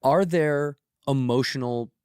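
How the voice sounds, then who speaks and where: A man's voice: mid-range voice, takes it slowly, a little mellow, smooth, dry recording, studio quality. A man co-hosting a comedy podcast, teasing and coaching his co-host in casual banter and laughing often.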